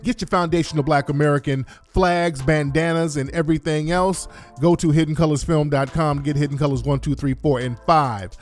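Scornful, animated male commentary host. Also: fairly high pitch, brisk, few pauses, faint music behind. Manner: animated, scornful, drawls and sing-songs words. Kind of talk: opinionated commentary show.

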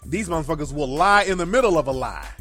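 A male call-in host whose voice sits a little above the usual male range. He rants bluntly and profanely, hammering his points by repeating phrases. Soft music plays low underneath him. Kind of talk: casual livestream commentary.

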